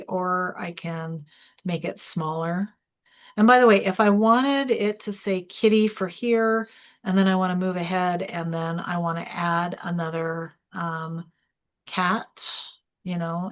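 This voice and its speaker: Woman, instructor, live tutorial, chatty step-by-step walkthrough, fairly low voice. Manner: chatty, explains step by step while clicking through an app. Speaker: small business workshop instructor. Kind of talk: live online tutorial demonstration.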